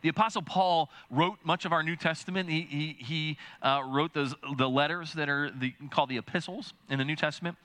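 A man preaching a sermon, animated and halting, with many repeated words and quoted voices acted out. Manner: animated, acts out quoted voices with big pitch jumps. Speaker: pastor.

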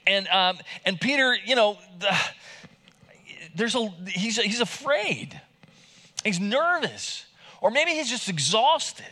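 A male pastor delivers a casual, conversational sermon, his pitch rising and falling in a lively way. His voice is bright and forward, and he stumbles and restarts often as he retells the story. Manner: conversational, animated, many restarts, acts out quotes in raised voice.

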